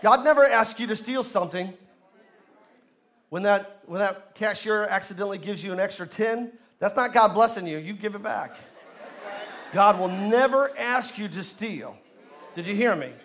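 A man's voice: sits high, expressive, moderate pace, fairly bright tone. A male pastor preaching a sermon at a church service, leading the congregation in call and response.

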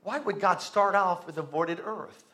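A man preaching a sermon to a congregation, joking and animated, often asking the room to respond. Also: high voice, measured pace. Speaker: pastor. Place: church sanctuary with congregation.

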